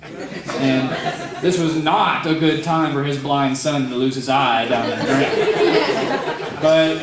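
A man's voice: medium pitch, slow. A young man giving a rambling, self-mocking speech to a youth group and taking questions from the audience. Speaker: motivational youth speaker. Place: large room before a youth group audience. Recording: echoey room, mic at a distance, crowd noise.

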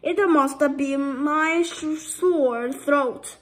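A woman voicing a greedy, sneaky male coyote faking a grandmother's voice in a storybook. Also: very slow. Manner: faked high granny voice, stammering.

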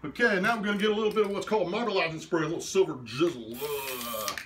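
Showing off abstract painting in his studio, a man talks in laid-back hipster slang and mutters quietly to himself while working. His voice is a little high and quick, with a noisy background.

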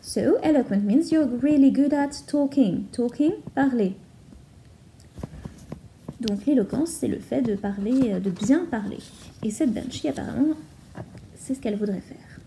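A woman's voice: fairly high pitch, expressive, moderate pace, long pauses, dark tone, slight background noise, low-quality recording. A woman teacher reading a story aloud and explaining it to learners, switching between two languages. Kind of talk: bilingual story reading lesson.

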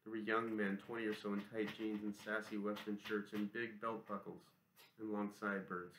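A man narrating an audiobook in a steady, even reading voice. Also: fairly low pitch, a little fast, reverberant, slight background noise, rough recording.

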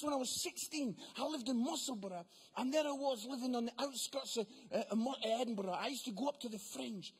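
High-voiced husky British preacher man. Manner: animated, acts out voices of others, shifts between loud exclamations and low asides. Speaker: preacher and comedian. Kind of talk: comic sermon storytelling.

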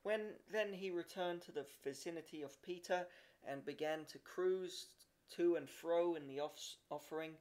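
A man reading a short story aloud in a steady amateur audiobook style, with occasional slips and restarts. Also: a little high, moderate pace. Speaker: reader.

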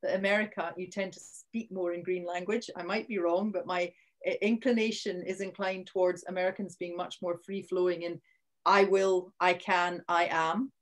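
A woman's voice: on the low side, fairly even intonation, a little fast. A Scottish woman presenting a live online training session, chatty and often restarting her sentences. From Scotland. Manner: chatty, restarts sentences, punches key words. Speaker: workshop presenter. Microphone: video call.

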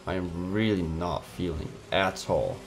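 Man, gamer, casual gameplay commentary, swearing, frustrated, lowish voice. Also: a little slow, a little hiss or hum. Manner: frustrated, swearing, trash-talking rivals.

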